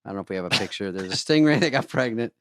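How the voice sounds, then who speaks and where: A man in his sixties co-hosting a podcast with wry, deadpan asides while reading out news items. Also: on the low side, racing, noisy background. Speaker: podcast co-host and comedian. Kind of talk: casual comedic chat.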